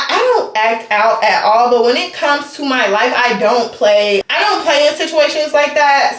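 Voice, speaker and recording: A young woman, telling a story to her vlog camera in a dramatic, animated way with laughs. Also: sits high, reverberant. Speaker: vlogger. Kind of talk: casual storytime chat.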